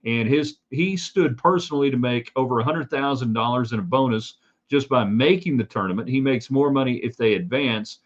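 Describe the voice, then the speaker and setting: A man's voice: medium pitch, brisk, highs cut off. A man hosting a live sports talk stream, opinionated and rambling with side remarks. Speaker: sports talk show host.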